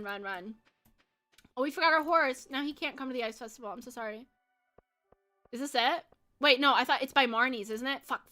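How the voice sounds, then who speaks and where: Young american woman, high voice, bright and sharp, bubbly, giggly, streaming chat. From United States. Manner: bubbly and giggly, chatting with viewers. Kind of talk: casual live-stream chat while gaming.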